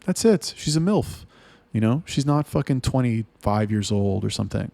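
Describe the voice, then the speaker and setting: A man's voice: fairly high pitch, very animated, moderate pace, vocal fry, dark tone, no echo. A man talking casually and bluntly to camera about running his business, swearing freely and restarting his sentences often. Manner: blunt and profane, with frequent restarts. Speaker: webcam studio owner.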